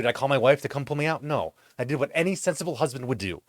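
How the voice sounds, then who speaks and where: A man hosting his own vlog, telling a comedic monologue at home in a profane, exasperated rant with animated swings in his delivery. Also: medium pitch, very fast, dry recording, studio quality. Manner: profane ranting. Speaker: vlog host.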